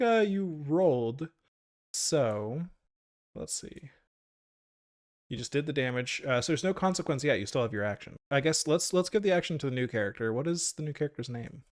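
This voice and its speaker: A man runs a tabletop game in an easygoing way, often laughing and restarting his sentences. His voice sits at a middle pitch, and the sound is close and dry with little room in it. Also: no room sound. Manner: casual, laughing, lots of fillers and restarts. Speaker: game master.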